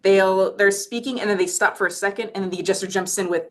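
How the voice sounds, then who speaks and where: A woman's voice: medium pitch, fairly even intonation, quick pace. A woman co-hosting a podcast, talking casually and thoughtfully, often checking in with "right?". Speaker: podcast co-host.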